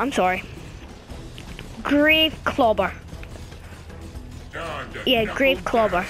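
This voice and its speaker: A high-pitched woman talks casually through a gameplay session and keeps up a running stream of chatter. She chants repeated commands at the game while loud game music plays underneath her voice. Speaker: gaming channel host.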